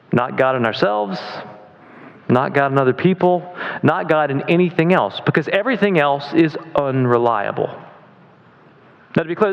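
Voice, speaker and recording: A man's voice: mid-range voice, gravelly, dull audio. Man preaching in an echoing hall. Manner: conversational preaching with emphatic pauses. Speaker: pastor. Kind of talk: sermon. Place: church sanctuary.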